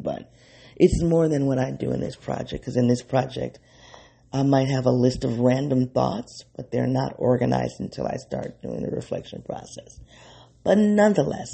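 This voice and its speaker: A man's voice: mid-range voice, vocal fry, dark tone, husky. A man hosting an unscripted solo podcast in his early-morning voice, rambling and correcting himself as he thinks aloud. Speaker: podcast host.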